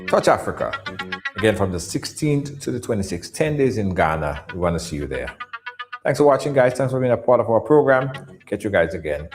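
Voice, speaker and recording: Energetic male show host, low voice. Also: fairly quick, music in the background. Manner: energetic, repeats himself. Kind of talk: live show sign-off and promo.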